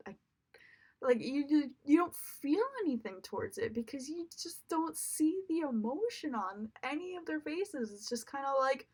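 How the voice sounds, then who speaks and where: A woman's voice: sits high, lively intonation, moderate pace, darkish tone. A young woman giving a casual spoken movie review, chatty and exasperated, with lots of fillers.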